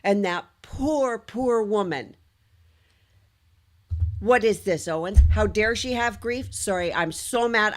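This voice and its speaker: A woman's voice: medium pitch, a bit bright. A woman giving livestream commentary on a court trial, ranting indignantly and sometimes restarting her sentences.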